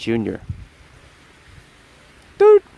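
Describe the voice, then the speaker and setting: A man's voice: very slow, mellow, dull audio, slight background noise. A man hosting a casual live phone stream outdoors on a snowy street, chatting playfully with viewers while walking a dog. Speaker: livestream host. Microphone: phone held by hand.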